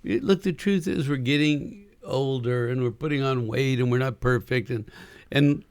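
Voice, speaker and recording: A man's voice: medium pitch, normal speed, clean tone, no room sound. A man co-hosting a marriage podcast, coaching listeners in casual chat and acting out quoted lines with energy. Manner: animated, acts out quoted lines.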